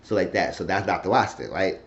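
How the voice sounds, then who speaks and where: Guy with a lowish voice doing a rambly, cussing recap of a tv episode, kinda muffled lo-fi sound. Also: fairly quick. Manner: rambling, profane, acts out characters' lines. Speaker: TV recap reviewer. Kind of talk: casual spoken episode recap. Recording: slightly dull lo-fi recording.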